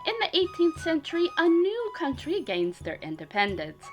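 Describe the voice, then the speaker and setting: Lively, high-voiced woman storyteller. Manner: playful, voices many characters. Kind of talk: comic kodan storytelling.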